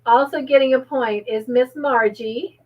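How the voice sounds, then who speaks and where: Slow, high-voiced woman hosting trivia. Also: rough recording. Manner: cheerful, reads out viewers' comments and laughs often. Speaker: trivia game host.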